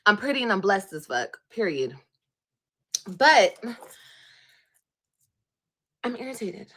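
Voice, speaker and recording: A woman's voice: fairly high pitch, sing-song, a little slow, long pauses, fairly bright tone. Ranting, profane pregnant woman. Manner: profane, repetitive, defiant. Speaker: livestreamer in a played clip. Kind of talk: ranting livestream monologue.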